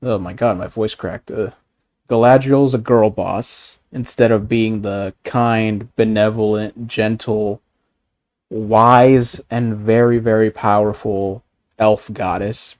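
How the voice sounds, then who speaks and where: A man ranting in casual chat as a streamer, animated and profane, often laughing. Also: fairly low pitch, slow, no room sound.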